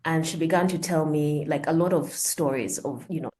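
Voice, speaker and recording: A woman's voice: low voice, normal speed, darkish tone. A woman guest on a podcast, telling a personal story in an earnest, reflective way.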